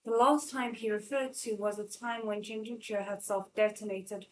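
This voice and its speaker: A woman's voice: mid-range voice, fairly even intonation, normal speed, low-quality recording. A woman hosting a live read-along of a novel, narrating steadily with frequent small slips and restarts. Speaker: channel host and reader.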